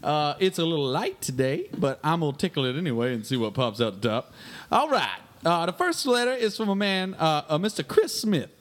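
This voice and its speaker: A man's voice: on the high side, very animated, a little fast, fairly bright tone. A man playing a crude, boastful fishing guide who rambles through listener mail on a comedy radio sketch. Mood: brash.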